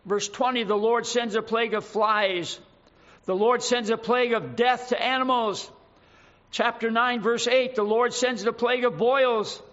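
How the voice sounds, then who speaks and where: A man's voice: very high voice, steady tone, a little slow, fairly bright tone. A man preaching a sermon, reading scripture aloud with dramatic emphasis and adding his own asides. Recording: dull lo-fi recording.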